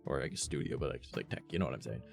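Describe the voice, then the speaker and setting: A man's voice: extremely low pitch, rapid-fire, vocal fry, faint music behind. A man streaming and chatting casually with his viewers, rambling and cursing often, with lots of "like" in his talk. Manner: rambling, swears often, heavy use of "like". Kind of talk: casual chat with a live stream audience.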